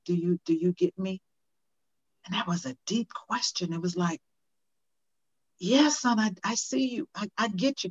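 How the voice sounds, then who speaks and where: An older woman speaking as a guest in an interview, earnest and emphatic, often repeating questions for effect. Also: fairly low pitch. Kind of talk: conversational interview. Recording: dull lo-fi audio.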